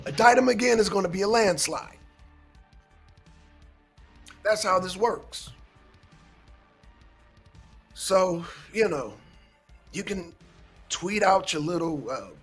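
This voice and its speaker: A man's voice: high voice, a bit bright, husky. A man hosting a casual political commentary show, lecturing his listeners emphatically and swearing often.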